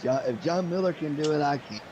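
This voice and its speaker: A man's voice: fairly high pitch, fairly quick, dull audio, a loud crowd. A man joining a baseball stream as a guest, chatting playfully and breaking into announcer impressions. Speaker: co-commentator guest. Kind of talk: casual chat.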